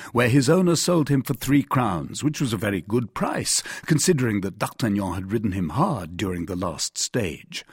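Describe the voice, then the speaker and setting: A man narrating a classic novel audiobook in an expressive, measured storytelling manner. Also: mid-range voice, breathy edge, no room sound, clean studio sound.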